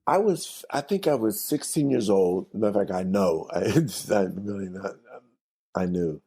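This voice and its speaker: A man's voice: fairly low pitch, lively intonation, normal speed, mellow, breathy edge. An older man from New York, a jazz singer giving an interview, telling stories animatedly with frequent laughs and restarts. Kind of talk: casual storytelling interview.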